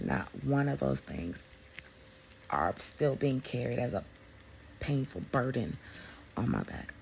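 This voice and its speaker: A woman vlogger talking in a casual motivational monologue, blunt and profane, swinging between loud emphasis and hushed whispers. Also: very deep voice, very animated, slow pace, gravelly, pauses often, a little hiss or hum.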